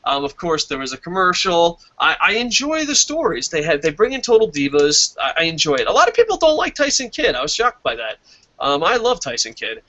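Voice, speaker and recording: A man's voice: sits high, bright, forceful tone, muffled recording. A man hosting a casual wrestling review stream, reading viewer comments aloud, swearing freely and laughing at his own jokes. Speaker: wrestling show host.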